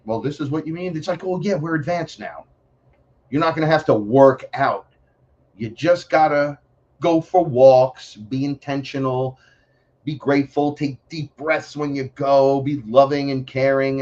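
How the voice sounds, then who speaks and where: A man from the Bronx with a New York accent, a podcast guest talking in a blunt, profane, animated way. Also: mid-range voice, lo-fi sound. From New York City, the Bronx. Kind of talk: casual podcast chat.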